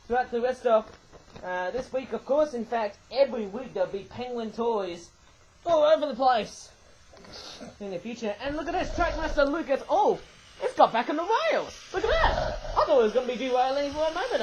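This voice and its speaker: A very high-pitched man is heard on a low-quality recording with slight background noise. In a home room with a toy train layout, he rambles through a casual toy review, often ending lines with "eh" and correcting himself.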